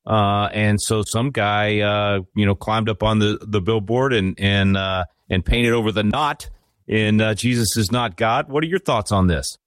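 A man's voice: on the low side, steady tone, measured pace, clear, resonant tone, dry recording, studio quality. Chatty male radio host. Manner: chatty, rambling questions. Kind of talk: radio interview.

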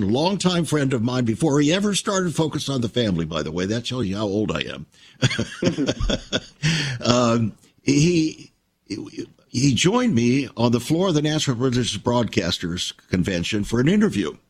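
An older man hosting a Christian radio talk show, telling stories in a measured, reflective way. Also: mid-range voice, sing-song, husky.

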